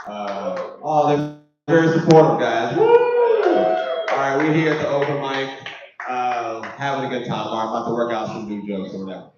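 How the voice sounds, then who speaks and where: A man's voice: medium pitch, wildly swooping pitch, moderate pace, far from the mic, heavy background noise. A man doing a stand-up set at an open mic, rambling and casual. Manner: casual, rambling, filler-heavy. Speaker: comedian. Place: comedy club open mic. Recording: echoey room from afar, dull lo-fi.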